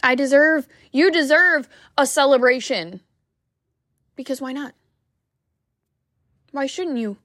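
Slow, heartfelt woman coach. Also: high-pitched, fairly bright tone, dry recording, studio quality. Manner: heartfelt, emphatic. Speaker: wellness coach. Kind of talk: motivational talk to camera.

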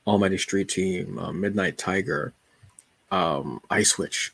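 A man's voice: low voice, unhurried, gravelly, fairly bright tone, slightly rough, no room sound. A man hosting a podcast alone, talking about his reading list in a casual, joking, colloquial way. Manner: laid-back, joking, colloquial. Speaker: podcast host. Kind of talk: casual solo chat.

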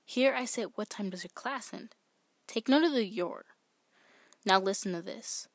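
A woman hosting a casual spoken language lesson, explaining slowly with examples and stressing key words. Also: medium pitch, dry recording. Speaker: Spanish tips podcast host.

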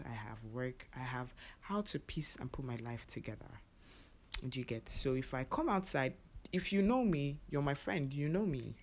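Young woman telling a story with whispered asides. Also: extremely low pitch. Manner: animated, acts out other people's lines, drops into whispered asides. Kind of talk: casual storytelling to camera.

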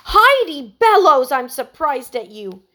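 A woman's voice: high-pitched, animated, unhurried, fairly bright tone, voice pushed up. A woman voicing an earnest young girl who scolds her friend sternly and emphatically. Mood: scolding.

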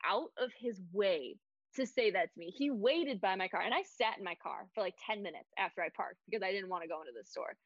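A young woman telling a story in casual chat, her talk full of fillers. Her voice sits at a middle pitch. The recording is dry and a little dull. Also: animated, fast, hardly any pauses, no room sound.

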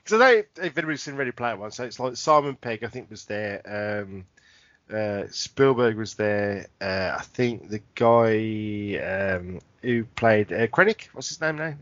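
A man's voice: fairly low pitch, animated, moderate pace, a bit bright, no echo, lo-fi sound. A man, co-hosting a podcast and rambling through a funny anecdote, laughing and swearing often. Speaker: podcast co-host. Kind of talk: casual chat.

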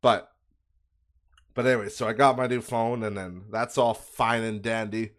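A man's voice: lowish voice, steady tone, normal speed, a bit bright. A man hosting a podcast, ranting in a casual, profane and exasperated way and laughing at his own bad luck. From Canada. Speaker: podcast host. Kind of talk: casual rant.

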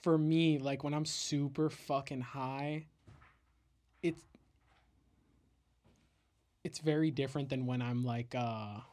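A man co-hosting a casual podcast, joking crudely and swearing in quick banter. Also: mid-range voice, steady tone, darkish tone. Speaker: podcast co-host. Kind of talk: casual chat.

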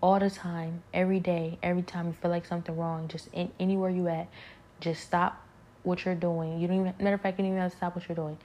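A woman talking earnestly about her faith on a podcast, halting often and slipping into soft whispered prayers. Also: lowish voice, little pitch movement, a little hiss or hum. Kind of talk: personal faith reflection.

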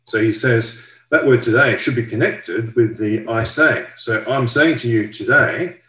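A man's voice: medium pitch, a little slow, fairly bright tone, roomy sound, low-quality recording. A man giving a careful, step-by-step Bible study explanation as a teacher.

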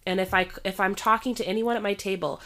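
A young woman, a pregnant teacher, chatting casually with friends, animated and swearing, jumping into raised voices when she quotes people. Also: medium pitch, fast talker. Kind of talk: casual chat.

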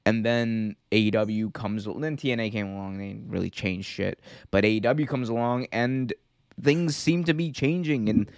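A man's voice: fairly low pitch, normal speed, no echo, clean studio sound. A man hosting a casual wrestling podcast, talking loosely, rambling and laughing often. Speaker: podcast host.

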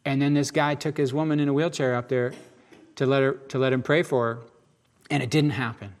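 A man giving informal, emphatic Bible teaching in a lively, conversational way. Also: mid-range voice, fairly quick.

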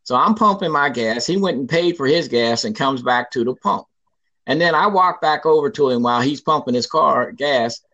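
A man in his sixties telling a personal story in an interview, lively and emphatic, acting out what people said. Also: medium pitch, moderate pace, muffled recording. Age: 60s. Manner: lively, emphatic storyteller who acts out quoted lines.

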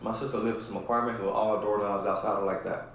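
A man's voice: on the low side, fast, a little hiss or hum. Profane storytelling man, echoey room. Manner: profane, animated, keeps asking "right?". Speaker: podcast host. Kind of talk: casual storytelling chat.

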